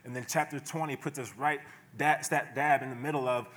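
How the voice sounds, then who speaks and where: A man's voice: mid-range voice, steady tone, brisk, a bit bright. Chuckling, conversational man preaching a sermon. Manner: conversational, chuckling storyteller with playful asides. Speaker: pastor. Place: church sanctuary.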